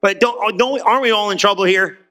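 Male pastor, high voice, bright, conversational sermon, acts out quotes. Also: brisk. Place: church in front of congregation.

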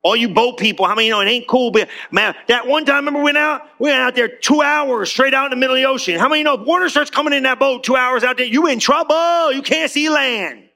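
A man preaching a sermon in a church, animated and conversational, joking with the congregation. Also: extremely high pitch, fast, creaky, hardly any pauses. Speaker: pastor.

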